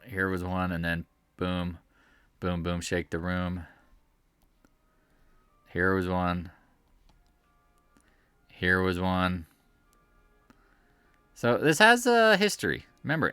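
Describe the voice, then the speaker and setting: A man's voice: sits low, pushed and bright, clean tone, dry recording. A man giving a casual, rambling, jokey commentary while reviewing stock charts at home. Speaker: market commentator.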